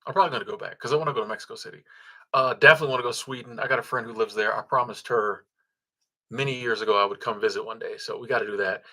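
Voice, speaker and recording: In a pushed, bright voice of medium pitch, a man runs a laid-back livestream. He reads out comments and thanks supporters, chuckling along with frequent ums and restarts.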